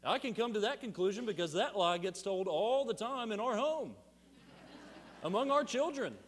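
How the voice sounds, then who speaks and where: Man preaching in a reverberant church. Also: high-pitched. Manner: animated preaching with rhetorical questions and emphatic pauses. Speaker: pastor. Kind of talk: sermon. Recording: long hall reverb.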